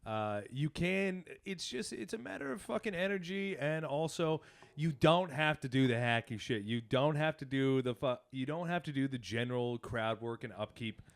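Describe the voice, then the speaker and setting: A man's voice: mid-range voice, lively intonation, moderate pace. A young man appearing as a guest comedian on a podcast, talking casually with blunt opinions and frequent profanity.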